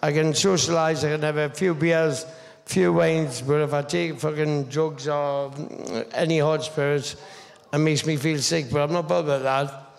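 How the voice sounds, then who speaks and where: Geordie guy in his 50s, gravelly voice, swears a lot telling stories, echoey hall. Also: on the high side, fairly even intonation, normal speed. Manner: swearing, rambling storyteller with restarts. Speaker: guest speaker. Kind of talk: stage anecdote telling. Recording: stage mic in a reverberant hall.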